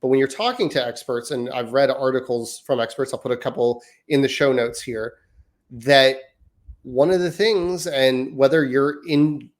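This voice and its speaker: Male podcast co-host, 30s, mid-pitched, casual and reflective with long qualifying sentences. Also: moderate pace. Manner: thoughtful, hedging, speaks in long winding sentences. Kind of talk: casual parenting chat.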